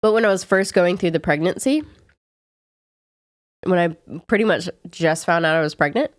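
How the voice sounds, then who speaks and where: Sick young southern girl rambling to her stream chat, kinda low voice, dead dry mic. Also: moderate pace, no room sound. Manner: chatty, rambling with frequent "like" fillers. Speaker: live streamer. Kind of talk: casual chat answering viewers.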